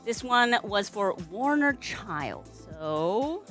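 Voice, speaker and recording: A woman's voice: mid-range voice, big pitch swings, very slow, a bit bright, soft background music. A young adult woman streaming live at home, chatting casually with a playful, sing-song manner. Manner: playful, sing-song baby talk to her cat. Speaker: streamer and balloon artist.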